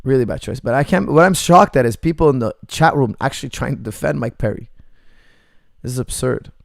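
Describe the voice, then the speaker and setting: Gravelly, blunt coach answering chat. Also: male voice, medium pitch, expressive, brisk, dry recording, clean studio sound. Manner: blunt, joking, laughs often. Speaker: martial arts coach hosting a Q&A. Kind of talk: casual livestream Q&A, reading chat messages.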